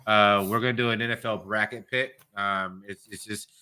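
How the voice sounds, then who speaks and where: Australian male co-host, lowish voice with a tense edge, easygoing and foul-mouthed. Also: steady tone, moderate pace, bright, forceful tone, clean tone. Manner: laid-back, swears casually, laughs often. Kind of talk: casual livestream chat.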